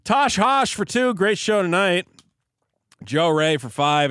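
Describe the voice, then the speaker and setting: A man's voice: on the high side, moderate pace, a bit bright, clean tone, no room sound. A man who is sick, casually co-hosting a podcast, reading out donation messages with offhand mumbled asides.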